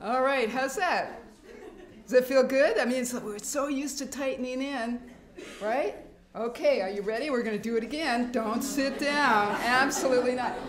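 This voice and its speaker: A middle-aged woman giving a workshop talk to a live audience, animated and laughing often as she acts out fearful thoughts. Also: high-pitched, moderate pace. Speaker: workshop speaker. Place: hospital meeting room. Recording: echoey room.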